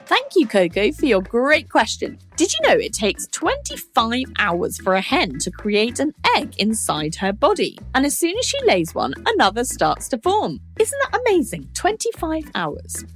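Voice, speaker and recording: A woman presents a science podcast for children, explaining things to young listeners in a playful, animated way. Her voice sits a little high. Her pitch swoops up and down with great liveliness. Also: normal speed, few pauses, faint music behind.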